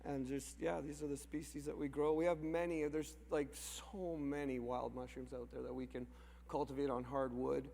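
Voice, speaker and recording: A man's voice: mid-range voice, little pitch movement, moderate pace, vocal fry, dark tone. A mushroom farmer from Canada giving an emotional, off-the-cuff speech to a crowd, rambling and restarting his sentences with small laughs. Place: large hall. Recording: long hall reverb.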